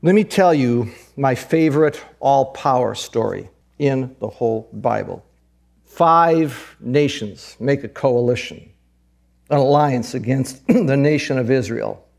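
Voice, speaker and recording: A middle-aged man preaching a sermon, emphatic, repeating phrases and rising to high excited peaks. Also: a little slow, vocal fry. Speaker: pastor.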